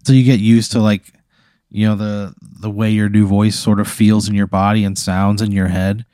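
A man with a somewhat low voice, riffing through an improvised comic hypothetical for his podcast co-host. He rambles, restarts and leans on fillers as he builds the story. The sound is dry and close to the mic, with no room around it. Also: little pitch movement, moderate pace, dark tone, no echo. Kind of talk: improvised comedy podcast chat.

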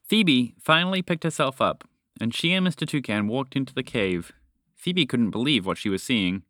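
A man reading a children's fantasy story aloud as a podcast host, with expressive narration. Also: mid-range voice, normal speed, dry recording, clean studio sound. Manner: expressive, animated.

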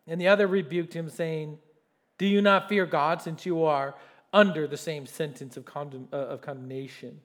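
A man preaching a sermon as pastor, telling stories and reading scripture, swinging from loud to soft. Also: a little high, fairly even intonation, moderate pace. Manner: reads scripture aloud, with fillers and restarts.

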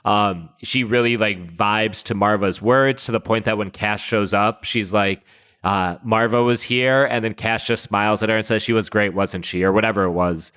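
A man's voice: lowish voice, fairly even intonation, moderate pace, fairly bright tone, clean tone. A man co-hosting a podcast, talking through a TV episode in an enthusiastic, rambling way with many fillers and laughs. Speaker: podcast co-host. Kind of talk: casual chat, TV episode discussion.

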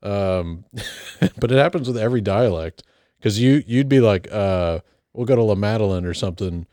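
A man's voice: fairly low pitch, animated, moderate pace, mellow, no echo, clean studio sound. A man co-hosting a casual chat, rambling and teasing with lots of fillers. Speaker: podcast co-host.

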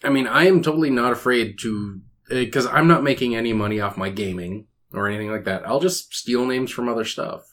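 A man's voice: mid-range voice, fairly quick, fairly bright tone. A man co-hosting a casual podcast chat, laid-back with dry humor.

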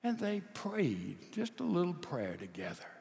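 A high-pitched male preacher delivering a sermon slowly and deliberately. He acts out a story, climbing to loud emphatic peaks and then dropping to hushed asides. A long reverb hangs on every phrase. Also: huge pitch swings, gravelly. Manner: dramatic storytelling, swinging from loud emphasis to near-whispers.

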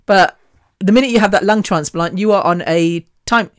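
A woman's voice: mid-range voice, moderate pace, no room sound, studio quality. Blunt, defiant woman chatting. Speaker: podcast host. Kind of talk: casual monologue.

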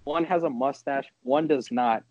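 A man's voice: mid-range voice, moderate pace, muffled recording, crowd noise. A man co-hosting a casual baseball chat, joking and talking over the others. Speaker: podcast co-host.

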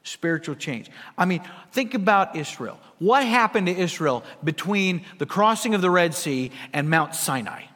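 A man preaching a sermon as pastor, swinging between hushed asides and loud emphatic lines, with humor. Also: high-pitched, expressive, normal speed, hardly any pauses. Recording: long reverb of a large hall.

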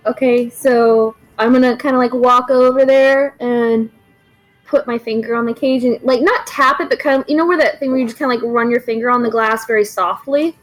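A woman's voice: a little high, steady tone, brisk, soft background music, low-quality recording. A woman player in a tabletop game, asking questions a little hesitantly. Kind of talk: tabletop role-play.

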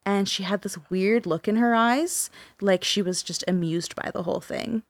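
A woman's voice: medium pitch, moderate pace, dry recording. Casual woman telling a spooky story. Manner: casual, swears, many fillers like "like" and "um". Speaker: podcast co-host telling a paranormal story.

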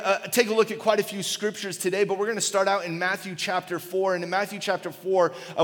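A man in his thirties giving a sermon in a church auditorium, casual and animated, telling stories with lots of "like" and "right?". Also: sits high, long reverb tail. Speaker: pastor.

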